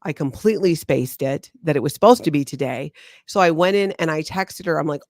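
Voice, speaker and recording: A woman co-hosting a casual chat, reading reviews aloud in an animated, self-mocking way with frequent laughs. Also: sits low, fairly quick, no room sound, clean studio sound. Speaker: co-host, former member discussing the church.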